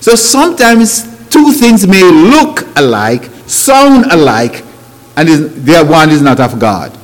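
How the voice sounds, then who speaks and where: A man's voice: fairly high pitch, wildly swooping pitch, slow pace. A man preaching a sermon, with grammar, rhetorical questions and emphatic rising phrases. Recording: long hall reverb.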